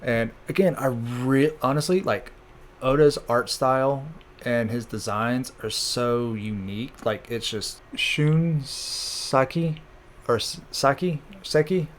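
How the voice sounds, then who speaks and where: Casual male host, mid-pitched, laughs a lot and trips over names. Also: takes it slowly. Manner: chatty, laughs often, stumbles over names. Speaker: channel host. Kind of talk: casual comic recap.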